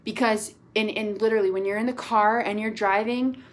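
A woman, speaking over a video call as a team leader giving a pep talk. Her delivery is gushing and upbeat, loose and chatty, full of fillers. Her voice sits at a middle pitch. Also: steady tone, fairly quick. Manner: gushing, upbeat, lots of "like" and "y'all". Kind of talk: casual motivational talk.

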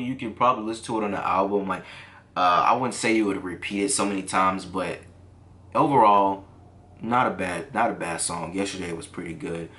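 A man giving casual reaction commentary on songs, easily excited and breaking into exclamations. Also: lowish voice. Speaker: music reaction reviewer.

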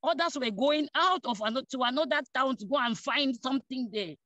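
A woman's voice: high voice, fairly quick, dry recording. A woman gives a personal testimony to her church. She tells the story with energy, acting out the voices of family members and laughing between phrases. The recording is dull and lo-fi, with a dry, close sound. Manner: animated, acts out dialogue, laughs between phrases.

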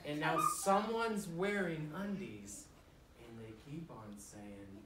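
A woman, a children's author, reads a rhyming picture book aloud to young children in a school, playful and animated, with joking asides to the kids. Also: deep voice, takes it slowly, over a noisy crowd. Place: school room full of first graders. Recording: echoey room, distant mic, loud children. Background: children chattering and laughing.

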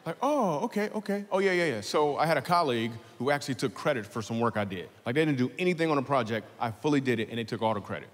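A man's voice: mid-range voice, lively intonation, very fast, few pauses. Male comedian, mid-range voice, casual storyteller who drifts into earnest asides. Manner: loose, chatty storytelling with asides; turns quiet and earnest toward the end. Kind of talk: family-friendly stand-up at a church service.

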